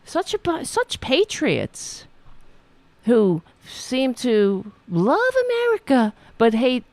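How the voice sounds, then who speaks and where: A woman's voice: sits high, big pitch swings, slow, a little mellow, no room sound. A woman host ranting about politics, sarcastic and profane, mocking commenters. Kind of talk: angry political rant.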